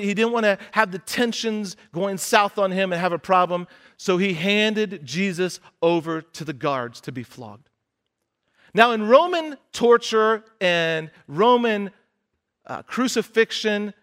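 High-pitched guy preaching, chatty retelling, does little voices for people in the story. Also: lively intonation, a little slow, fairly bright tone. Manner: conversational storytelling, acts out the characters' lines. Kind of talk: sermon retelling a scripture passage.

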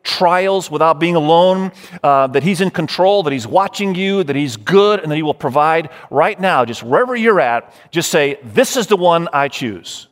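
A man's voice: a little high, animated, normal speed, hardly any pauses. Emphatic pastor, a man preaching. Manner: emphatic, builds lists, speaks straight to listeners. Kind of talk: sermon. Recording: long hall reverb.

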